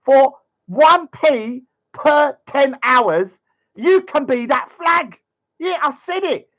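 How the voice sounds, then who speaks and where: A man's voice: very high-pitched, animated, takes it slowly, fairly bright tone, highs cut off, pitched above the performer's own voice, heavily acted. A man voicing a boastful, taunting young man in a sing-song mocking voice.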